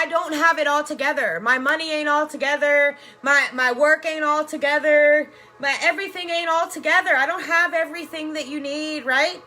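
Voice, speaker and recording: A woman's voice: sits high, pushed and bright. Effusive, swearing woman preaching love. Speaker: energy worker and life coach. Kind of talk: live video reading viewer comments.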